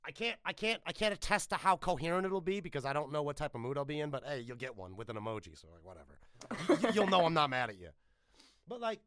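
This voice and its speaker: A man from the United States hosting a podcast interview, chatting in an animated, profane, jokey way with lots of restarts. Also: a little high, fast talker, smooth, dry recording, studio quality. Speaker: podcast host. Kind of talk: casual interview chat.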